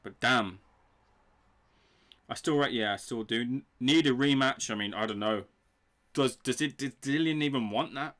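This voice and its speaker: Young male streamer, excitable live reaction host, salty language, medium pitch. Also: moderate pace, pauses often. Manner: excitable, swears freely, talks to chat. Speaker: livestream boxing reaction host.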